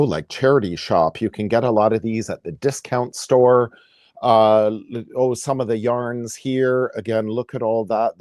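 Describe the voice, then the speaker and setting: A man's voice: medium pitch, darkish tone, dry recording, studio quality. A man from Canada hosting a casual live sewing demonstration from his home sewing room, chatty and upbeat, laughing often and using many fillers. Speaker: sewing educator and live-stream host.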